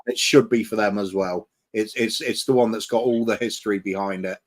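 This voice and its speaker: A man's voice: on the low side, fairly even intonation, fairly quick. A man co-hosting a live fan stream, talking in a reflective, rambling way. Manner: reflective, rambling, many restarts and fillers. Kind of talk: casual chat on a live stream.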